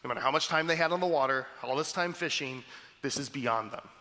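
Bright-voiced male preacher in a hall. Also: mid-range voice, quick pace. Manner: conversational, animated, with frequent repeated starts. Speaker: pastor. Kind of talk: sermon. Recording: reverberant hall.

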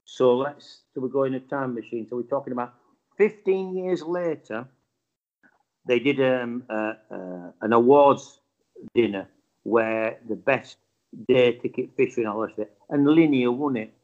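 A medium-pitched man in his fifties, originally from Bradford, England, keeps a measured pace and a West Yorkshire accent as he shares a casual story. He's animated, voices the people he quotes, and swears a little, over dull, lo-fi sound.

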